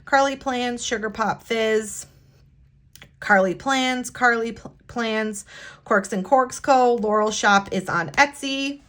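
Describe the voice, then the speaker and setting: A woman from the United States chatting casually while decorating her planner, talking in a halting, hesitant way with sighs and restarts, sincere and heartfelt. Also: on the high side, fairly bright tone. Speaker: planner vlogger.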